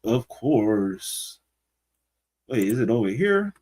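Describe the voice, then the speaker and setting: A man hosting a laid-back livestream, chatting with his viewers and reacting to their comments in slangy, easygoing talk. He takes his time and doesn't rush. His pitch swings up and down a lot. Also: sing-song, takes it slowly, a little mellow. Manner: loose, slangy and talkative, calling out to viewers. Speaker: livestream host. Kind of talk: casual livestream chat, reading and reacting to comments.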